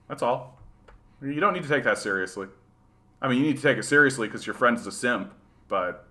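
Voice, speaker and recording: A man's voice: fairly low pitch, pushed and bright. A man from rural Manitoba hosting a casual livestream, rambling and sarcastic, often tagging his points with "right?". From rural Manitoba, Canada. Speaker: livestream host. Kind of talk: casual livestream chat reading viewer comments.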